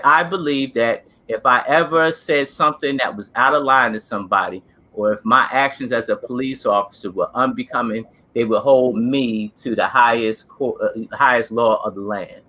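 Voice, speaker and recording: A man tells a story in a casual, earnest, emphatic way. His voice is bright and forceful at a middle pitch. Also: normal speed. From New Jersey. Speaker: co-host, former police officer.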